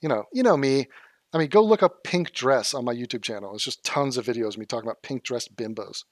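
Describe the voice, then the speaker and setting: A man's voice: mid-range voice, fast, no room sound. Sarcastic profane man, dry close mic. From Los Angeles. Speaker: commentary youtuber. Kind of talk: reaction commentary.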